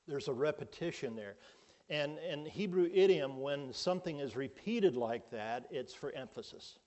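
A middle-aged man preaching a sermon, slow and emphatic, with sudden loud rises for emphasis. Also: a little high. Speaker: pastor.

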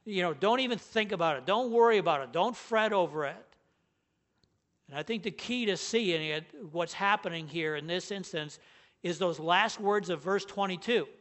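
Male pastor, high-pitched, emphatic sermon delivery. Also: normal speed, a bit bright. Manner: earnest, emphatic, stresses key words.

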